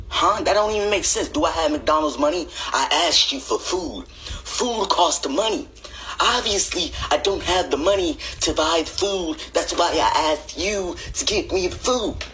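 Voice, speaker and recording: A young man doing comedic skit monologues, swinging between high exasperated rants and low deadpan asides. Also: slight background noise, poor audio. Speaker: comedy sketch creator.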